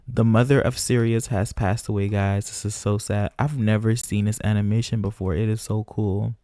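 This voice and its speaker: Mellow, low-voiced man chatting over gameplay. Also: fairly even intonation, normal speed, hardly any pauses, no room sound. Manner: chatty, keeps addressing viewers as "guys". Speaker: gaming channel host. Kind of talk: casual gameplay commentary.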